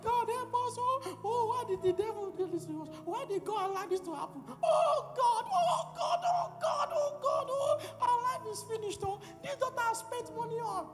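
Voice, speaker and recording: A man voicing a hired mourner who wails and sobs in a high, desperate lament over a dead girl. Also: lively intonation, moderate pace, hardly any pauses. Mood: wailing. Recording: long hall reverb with music.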